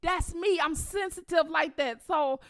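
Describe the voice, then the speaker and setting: Woman, middle-aged vlog host, high and bright, telling a story full of cursing. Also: unhurried. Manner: animated, profane, laughing storyteller addressing viewers as y'all. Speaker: channel host. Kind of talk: casual storytelling to viewers.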